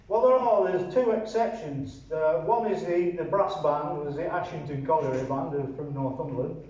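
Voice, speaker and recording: A man's voice: fairly high pitch, moderate pace, warm tone, a little hiss or hum. Wry older northern man, echoey and distant. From northern England. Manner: dry, sardonic, pedantic. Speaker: poet and commentator. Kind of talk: wry spoken commentary and poetry reading. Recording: roomy, distant, muffled mic with faint ambience.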